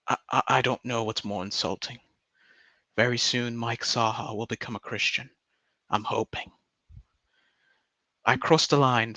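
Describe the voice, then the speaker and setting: A man's voice: medium pitch, pushed and bright, no echo. A man putting on a pompous English poet. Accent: put-on English. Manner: grandiose, theatrical recitation. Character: mock-solemn English poet reciting verse, adult man.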